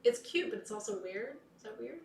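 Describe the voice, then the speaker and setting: A woman leading an online pagan ritual in a soft, heartfelt, intimate way, sometimes dropping to a whisper. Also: a little high, animated, a little fast, vocal fry. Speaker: ritual leader. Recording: echoey room, distant mic, faint noise.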